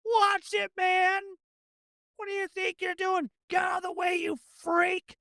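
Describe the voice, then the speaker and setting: A game master voicing an angry male bystander who shouts insults from the background of a tabletop game scene. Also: extremely high pitch, little pitch movement, a little slow, gravelly, dry recording, studio quality, pitched above the performer's own voice, heavily acted. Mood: yelling.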